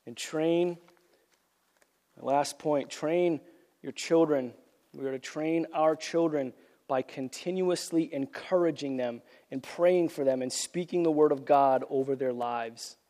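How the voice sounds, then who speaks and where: A man preaches with earnest conviction, circling back on his phrases to drive them home. His voice sits a little high for a man and is frayed by a cold that is costing him his voice. It rings out with the long reverb of a large church hall. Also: unhurried, dark tone. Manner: earnest, repeats phrases for emphasis. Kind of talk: sermon.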